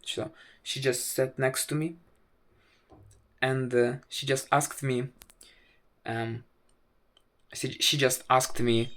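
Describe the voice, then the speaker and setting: A young man at an unhurried, halting pace. He keeps stopping on fillers and restarting his sentences, and he tells the story in a wry, self-mocking way. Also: mid-range voice, flat delivery, fairly bright tone. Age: 20s. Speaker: vlogger. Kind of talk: casual storytelling to camera.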